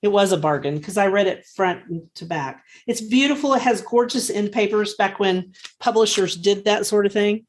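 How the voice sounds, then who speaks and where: A woman's voice: medium pitch, normal speed, hardly any pauses. Chatty, enthusiastic woman podcast co-host. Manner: chatty, enthusiastic, laughs easily. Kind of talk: casual chat.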